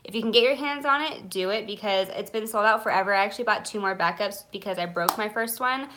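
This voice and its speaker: Talking quickly at a medium pitch over background noise, a young woman who vlogs about beauty chats live about the products she loves. Her gushing, filler-heavy talk has a nervous, self-conscious edge, with occasional stumbles.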